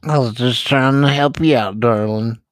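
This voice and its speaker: A man's voice: medium pitch, normal speed, close to an everyday voice. Man putting on a drawling old cashier lady. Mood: sassy. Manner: drawling, calls people darling. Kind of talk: improvised comedy bit on a podcast.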